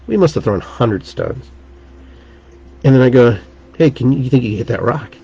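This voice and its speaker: A man's voice: medium pitch, lively intonation, normal speed, creaky, warm tone, breathy edge. A man hosting his own podcast, telling a rambling, earnest story in a casual way and restarting his sentences often. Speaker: podcast host and shaman teacher. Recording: dull lo-fi recording.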